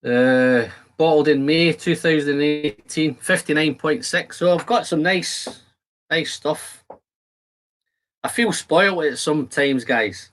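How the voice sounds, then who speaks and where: A man's voice: fairly high pitch, pushed and bright. A man hosting a casual whisky-tasting livestream from his shed, bantering with viewers and reading their comments aloud in a jokey, chatty way. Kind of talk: casual live-stream chat while tasting whisky. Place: home shed.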